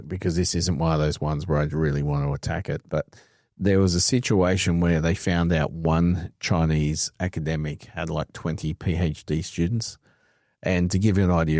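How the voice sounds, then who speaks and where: A man's voice: very deep voice, vocal fry, darkish tone, no echo, clean studio sound. A man co-hosting a podcast. He talks in a blunt, opinionated, casual way. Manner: blunt, opinionated, swears freely. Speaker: podcast co-host.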